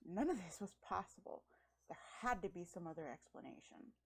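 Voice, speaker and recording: A woman's voice: on the low side, lively intonation, brisk, creaky, slightly rough, rough recording. A woman reading a visual novel aloud, dropping breezy, swearing jokes between the lines. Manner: breezy, swears casually in jokey side comments. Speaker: let's play gamer.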